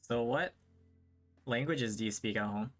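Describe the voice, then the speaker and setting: A man's voice: medium pitch, a little slow, soft background music. A man hosting a podcast, asking questions and giving short acknowledgments in a casual interview. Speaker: podcast host.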